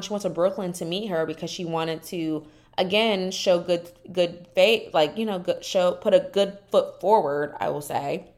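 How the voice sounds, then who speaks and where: Solo woman podcast host, low-ish voice, sassy casual recap chat with exaggerated put-on quotes. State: dry mouth.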